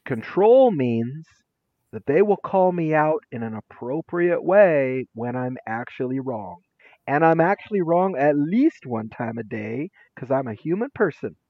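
A man speaking as an interview guest, telling stories with lively acted-out quotes. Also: fairly high pitch, measured pace, no room sound, highs cut off. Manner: lively, acts out quotes with shifting voices. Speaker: interview guest, former teacher and administrator. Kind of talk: animated storytelling.

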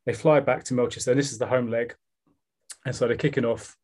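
A man's voice: mid-range voice, steady tone, fast talker, darkish tone. A man with a South East London accent, co-hosting a podcast and retelling a comic story in casual, rambling chat. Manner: rambling, with fillers and restarts. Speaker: podcast co-host.

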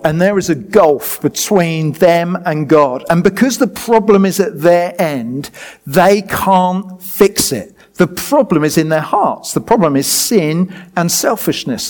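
A man with a fairly high voice, preaching a sermon. He is lively and jokes with the congregation as he explains and directs a demonstration. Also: takes it slowly.

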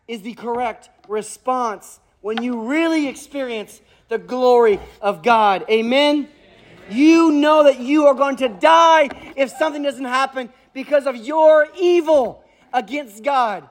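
A man's voice: extremely high pitch, unhurried. A man in his thirties preaching a sermon as pastor, emphatic, asking rhetorical questions and repeating key phrases.

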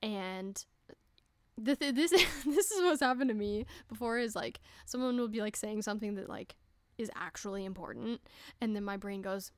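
A young woman hosting a casual solo podcast, chatty and giggly, swearing freely and breaking into quick voices. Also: medium pitch, animated, no echo. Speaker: podcast host.

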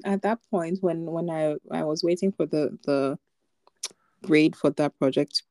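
A woman's voice: low-pitched, a little slow, mellow. A young woman co-hosting a podcast, chatting casually and telling a personal story with lots of fillers and light laughter. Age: young adult. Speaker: podcast co-host. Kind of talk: casual chat.

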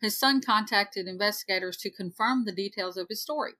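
Woman in her 40s, podcast co-host, reads a ghost story, wry asides, crisp bright voice. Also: medium pitch, brisk. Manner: steady reading broken by joking asides. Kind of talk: reading a story aloud with casual commentary.

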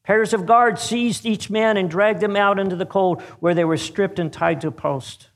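A man narrating a story aloud in a measured, dramatic reading. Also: high-pitched, steady tone, fairly bright tone.

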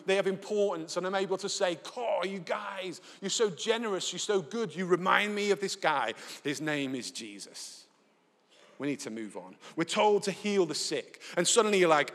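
A man with a Northern English accent preaches a live sermon, his higher-pitched voice trailing a long reverb through a large church hall. He tells stories with animation and acts out the dialogue in them. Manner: lively storytelling, acts out dialogue. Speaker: pastor. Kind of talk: sermon with anecdotes.

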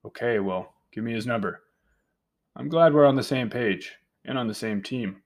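A man voicing an ambitious, grasping male scientist with a forceful laugh in an audiobook. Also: medium pitch, moderate pace, natural voice. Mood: brash.

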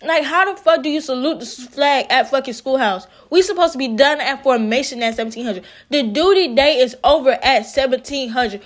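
A woman's voice: high voice, brisk, hardly any pauses. A young woman in army training, venting about her day to the camera in a casual, profane, exasperated rant, addressing her audience as "podcast".

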